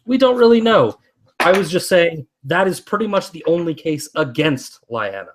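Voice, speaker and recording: A man, a podcast guest, talking through a fantasy book discussion in a measured, careful way. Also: on the high side, sing-song, noisy background.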